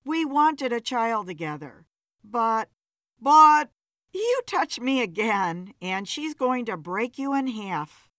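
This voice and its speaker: A woman's voice: a little high, big pitch swings, slow, a bit bright, no echo, clean studio sound, full character voice. A woman voicing a blunt, weary female bartender in an audiobook story.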